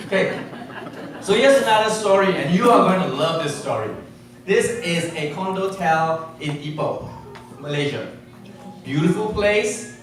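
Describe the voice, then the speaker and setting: A man's voice: on the high side, lively intonation, a little slow, long pauses, a faint crowd. A middle-aged man giving a humorous sales seminar talk, telling stories and chuckling at his own jokes. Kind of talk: humorous storytelling talk to an audience. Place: large hall before an audience. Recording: echoey hall from far off with noise.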